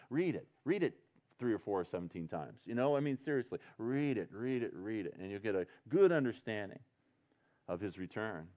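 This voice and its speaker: A pastor preaching a sermon at a church service, talking earnestly and conversationally, then building to loud, passionate emphasis. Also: male voice, low voice. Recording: dull lo-fi recording.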